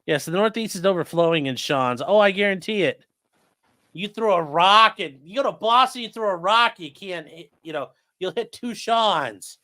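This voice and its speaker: Lively man chatting on a livestream. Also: sits high, normal speed. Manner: chatty, joking, reads viewer comments aloud. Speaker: livestream host, lawyer. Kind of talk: casual live chat reading comments.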